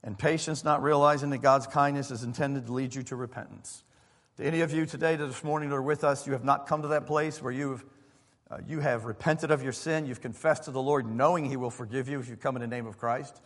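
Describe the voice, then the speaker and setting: A man, a pastor, preaching a sermon in a relaxed, conversational way, with fillers and asides to his congregation. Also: mid-range voice, fairly quick. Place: church sanctuary. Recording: long hall reverb.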